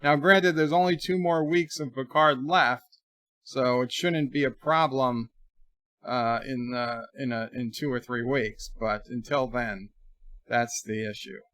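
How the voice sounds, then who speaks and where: Slow-talking man on a live stream. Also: mid-range voice, steady tone, a bit bright, no room sound, clean studio sound. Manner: rambling, reads letters aloud and riffs jokingly. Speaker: livestream host answering viewer letters. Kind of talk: casual live-stream chat. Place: home room.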